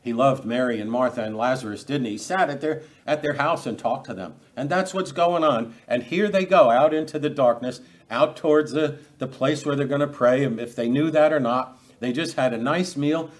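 A man's voice: a little high, fairly quick, few pauses. A man preaching an expository sermon as pastor, conversational, posing rhetorical questions, acting out quotes and often repeating words as he restarts phrases.

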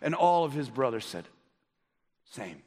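Speaking at a measured pace, a high-voiced male pastor delivers a sermon full of rhetorical questions aimed at his audience. His delivery alternates between forceful loud moments and hushed, low stretches. The big hall around him adds a long, ringing reverb.

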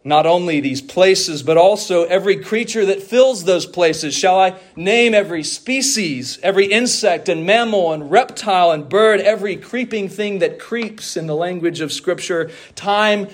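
Pastor guy preaching, slow and emphatic, leans on each phrase. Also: sits high. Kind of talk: sermon.

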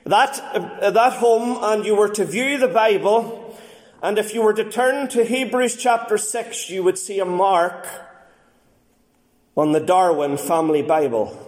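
A man preaching a sermon, reading a story aloud slowly and deliberately with dramatic pauses. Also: sits high, darkish tone. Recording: echoey room.

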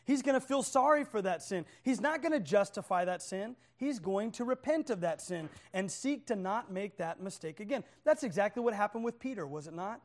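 A man's voice: high voice, expressive, fairly quick, hardly any pauses. A man preaching a sermon in a conversational way, joking with his listeners and often asking "right?".

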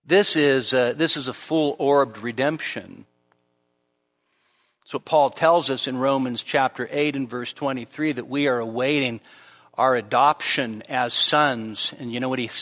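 A man preaching a sermon to a church congregation, rising to emphatic high peaks on key points and dropping into conversational asides and light humor. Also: steady tone, unhurried, a bit bright, long reverb tail. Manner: emphatic, climbs sharply in pitch when stressing a point. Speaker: pastor. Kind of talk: expository sermon. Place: church service before a congregation.

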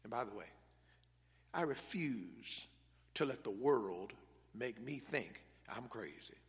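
A man's voice: medium pitch, expressive, slow, long reverb tail. A man preaching a sermon as pastor, driving points home through emphatic repetition.

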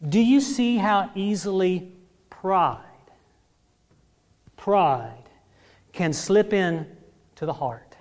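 A man's voice: high voice, lively intonation, slow. A man preaching a sermon, dramatic, acting out the scripture quotes and calling on the congregation for an amen. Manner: dramatic, acts out quotes, asks congregation for amens. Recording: long reverb of a large hall.

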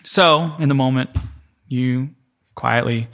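A man's voice: mid-range voice, slow pace, fairly bright tone. A man teaching a church class in a conversational way, telling a vivid everyday story in the second person and speaking directly to the people in the room. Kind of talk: conversational teaching before a congregation.

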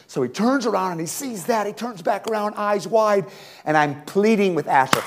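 Guy preaching a revival sermon, kinda high voice, gets loud then drops way quiet. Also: animated. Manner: swings from loud pleading to hushed, slow emphasis. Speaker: pastor.

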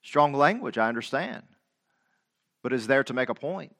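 Emphatic middle-aged male preacher, bright voice. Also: medium pitch, sing-song, moderate pace, gravelly. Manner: emphatic preaching, rises to loud King James quotations; repeats phrases, direct questions to the congregation. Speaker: pastor. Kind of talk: sermon.

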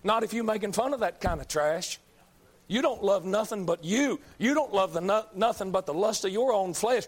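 Man in the pulpit, high-pitched, fiery, repeats himself, builds to shouting. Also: lively intonation, normal speed. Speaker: preacher. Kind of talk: fiery sermon.

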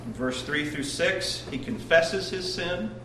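A man preaching a devotional sermon at a prayer meeting, retelling with earnest emphasis and swings in loudness. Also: fairly high pitch, a little slow. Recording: roomy distant recording with background noise.

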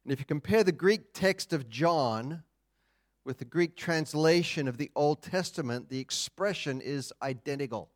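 A man preaching a sermon, teaching in a deliberate, emphatic way with pauses. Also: on the high side. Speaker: pastor.

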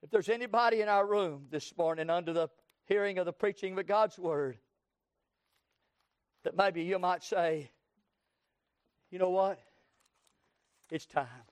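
A pastor from Texas with a Southern US accent, preaching an impassioned sermon that swings from loud cries to hushed tones. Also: male voice, high-pitched, no room sound. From Texas, USA. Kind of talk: sermon with altar call.

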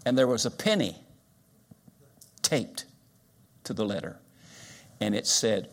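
An older man preaching a sermon, moving from quiet storytelling to loud, drawn-out emphasis. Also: lowish voice, very animated, creaky. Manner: dynamic preaching, swings loud and soft. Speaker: guest preacher.

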